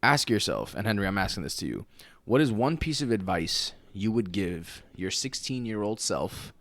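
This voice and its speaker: A man's voice: on the low side, sing-song, moderate pace, a bit bright, no echo. A young man co-hosting a podcast in casual chat, loose and profane with street slang. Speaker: podcast co-host.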